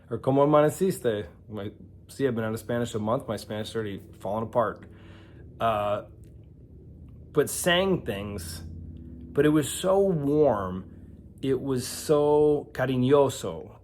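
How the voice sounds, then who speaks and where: A forty-year-old man from the American Midwest talks to camera in a low voice. He tells his stories in an easygoing way, wanders into asides, and fills gaps with "um" and "uh". His delivery stays conversational and unscripted throughout. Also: a little mellow. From Milwaukee, USA. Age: 40s. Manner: conversational, rambling with asides and fillers. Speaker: vlogger. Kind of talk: casual storytelling to camera.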